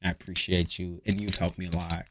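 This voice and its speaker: A man's voice: low voice, little pitch movement, fairly quick, a little hiss or hum. A man hosting a live tarot stream, chatting casually with viewers, swearing freely and reading their comments aloud. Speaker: tarot reader.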